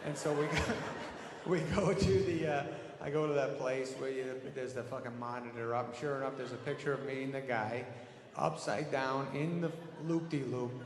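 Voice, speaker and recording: A man's voice: medium pitch, steady tone, normal speed. A man telling a profane, rambling story on a theater stage as a stand-up comedian. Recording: echoey hall with audience noise.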